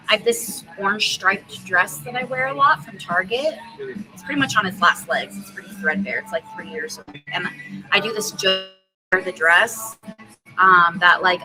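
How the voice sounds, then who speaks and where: A young woman comedian chatting casually as a podcast guest, animated and quick to laugh, swearing freely. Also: mid-range voice, low-quality recording.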